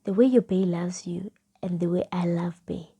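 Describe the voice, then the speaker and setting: Husky low-voiced South African woman storyteller. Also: fairly even intonation, normal speed. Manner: reads old chat messages aloud with punctuation, soft half-whispered delivery. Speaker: vlogger. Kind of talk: casual storytime.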